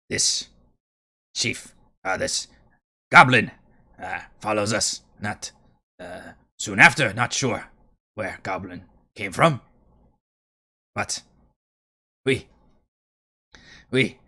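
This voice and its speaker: A boastful goblin rumbles slowly in short, broken phrases, his voice low and bright-edged, as a man puts him on. He drags out each word with simple grammar and a lot of pride. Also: exaggerated voice. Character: proud adult male goblin with broken speech.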